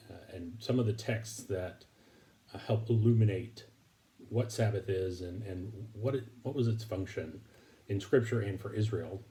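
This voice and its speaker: A man giving a recorded Bible lesson to his congregation, speaking haltingly with many fillers and restarts. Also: fairly low pitch, warm tone. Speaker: preacher.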